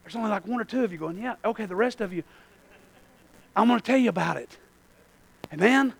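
A man preaching a sermon, folksy, calling out to the congregation and swinging from hushed asides to shouted lines. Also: sits high, animated, a little fast, gravelly. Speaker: pastor.

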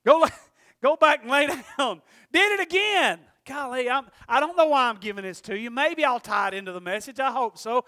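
A middle-aged man preaching a sermon, excitable, swinging between shouting and hushed talk. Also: very high-pitched, dry recording, studio quality.

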